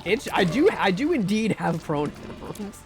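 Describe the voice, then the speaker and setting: A man's voice: high voice, sing-song, measured pace, over music. A man streaming live, chatting casually and rambling with jokes while playing a game. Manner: rambling and joking, with restarts and mock pleas. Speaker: streamer and VTuber. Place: home room.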